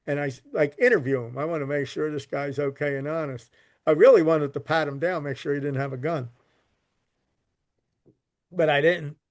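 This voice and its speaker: Philly man, casual rambling storyteller, a little high-pitched, bone-dry sound. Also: no room sound. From Philadelphia. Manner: rambling, repeats words, swears casually. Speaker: podcast guest, recovery literature collector.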